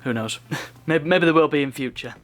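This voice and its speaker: A man's voice: fairly high pitch, moderate pace. A man casually chatting through an unboxing, rambling off on asides and chuckling at his own remarks. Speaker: unboxing video host.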